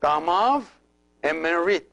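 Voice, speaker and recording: A man in middle age gives a language lesson at a measured, unhurried pace. His voice sits a little high for a man. He pronounces each word with care and repeats it so learners can follow. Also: expressive, vocal fry, fairly bright tone, poor audio. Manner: slow, careful, repeats each word for practice. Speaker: priest teaching a language.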